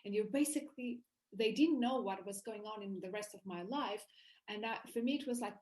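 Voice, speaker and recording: A woman guest in a casual interview, recounting her own story in an animated way, often restarting her sentences. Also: mid-range voice, fairly quick, low-quality recording.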